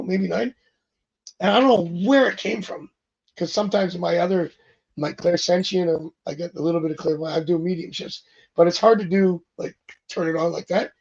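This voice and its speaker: Chatty male guest, high gravelly voice, rambling and acting out quoted lines. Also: dull audio. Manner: rambling, acts out quoted dialogue. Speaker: psychic tarot reader, guest. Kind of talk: casual interview chat.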